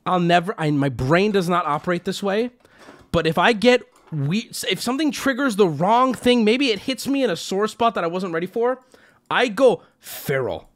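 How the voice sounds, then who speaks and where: A young adult man streaming, telling a story to his chat in a casual, swearing way, jumping into high yelps when he quotes himself. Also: expressive, moderate pace.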